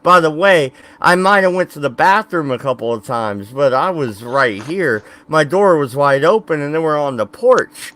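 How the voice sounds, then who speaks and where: A man's voice: fairly high pitch, expressive, moderate pace, few pauses, fairly bright tone. A man co-hosting a podcast in casual chat, telling a rambling story with fillers and laughs. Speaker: podcast co-host.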